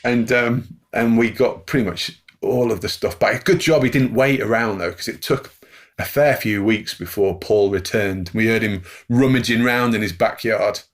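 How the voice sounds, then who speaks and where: A middle-aged man appears as a podcast guest, telling a story conversationally in a lowish voice at a moderate pace. He chuckles through the anecdote and acts out the voices of the people in it.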